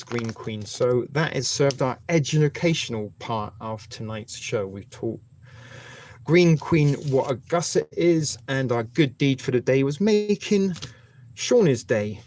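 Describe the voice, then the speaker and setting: A man with a gravelly, creaky voice hosts a casual live stream, rambling from one thing to the next. His pitch sits in an ordinary middle range, and he keeps chatting to his viewers by name as he goes. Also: a little mellow, slight background noise.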